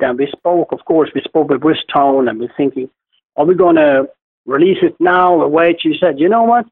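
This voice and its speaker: A man's voice: a little high, breathy edge. A male musician in a casual interview, talking earnestly and often repeating words as he starts his sentences. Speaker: musician guest. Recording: tinny phone-like line.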